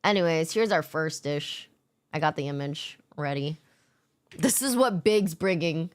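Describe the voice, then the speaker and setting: A woman's voice: low voice, animated, unhurried. A young adult woman streamer chatting casually with her chat, laid-back, swearing often and laughing a lot. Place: home streaming setup.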